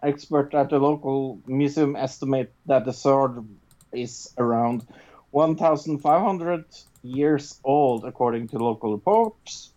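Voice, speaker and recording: A woman with a low, mellow voice co-hosts a casual news podcast. She talks loosely, with plenty of fillers. The recording sounds dull and lo-fi. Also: a little slow. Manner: casual, filler-heavy, swears offhandedly. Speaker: podcast co-host. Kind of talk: casual chat and reading news stories.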